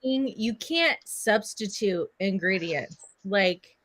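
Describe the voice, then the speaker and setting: A woman's voice: mid-range voice, animated, takes it slowly, a bit bright, no room sound, rough recording. A woman co-hosting a casual live stream, lecturing in an emphatic, exasperated way. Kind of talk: casual chat.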